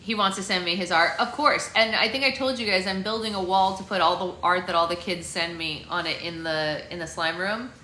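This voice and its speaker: A playful woman hosts a casual livestream chat, quick to laugh. Her voice is bright and forceful. An echoey home room carries a faint hiss behind her. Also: fairly low pitch. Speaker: book club host.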